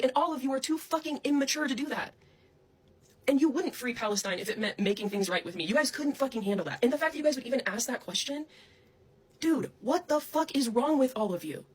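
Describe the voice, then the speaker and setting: A woman's voice: high-pitched, expressive, fast, slightly rough. A young adult woman delivering an angry, profane, accusatory rant straight to camera. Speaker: online personality.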